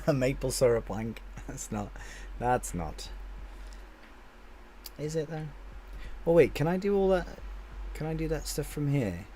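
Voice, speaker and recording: A man's voice: a little high, lively intonation, takes it slowly, long pauses, slight background noise. A man live-streaming a game, chatting casually with his viewers and answering their comments aloud, often restarting his sentences.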